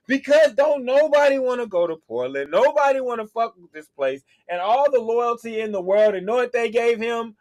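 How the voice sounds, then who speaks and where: A man's voice: extremely high pitch, lively intonation, moderate pace, few pauses, a little mellow. A man hosting a sports podcast, ranting casually in a heated, profane way. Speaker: podcast host. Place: podcast studio.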